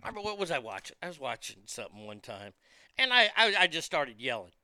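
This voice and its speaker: A man rants profanely as he hosts a talk show. His voice sits high and sounds very bright and crisp. It swings between low muttering and loud outbursts, close on a dry mic. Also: sing-song, fast talker, no echo. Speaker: podcast host. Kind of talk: casual ranting monologue.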